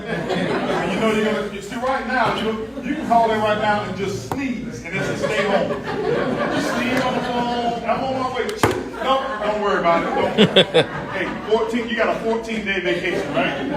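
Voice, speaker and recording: A man giving a lively motivational seminar talk, telling stories and joking with a live audience. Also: high-pitched, very noisy. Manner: animated storyteller, jokes with the crowd, asks for hands. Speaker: motivational speaker on stage. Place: large event hall. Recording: echoey hall, distant mic.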